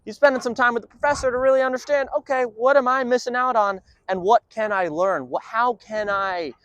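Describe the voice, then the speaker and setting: A man's voice: extremely high pitch, brisk, fairly bright tone, no echo. A man working as a dog trainer, explaining his training session in an upbeat way between short firm commands to a dog.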